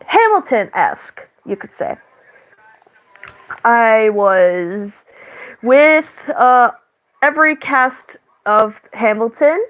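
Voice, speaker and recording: A woman's voice: a little high, animated, phone-quality sound. A woman telling a story about her dream in a casual way. She often stops and restarts, fills gaps with "like", and giggles. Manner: halting, with many fillers and restarts. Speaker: channel host.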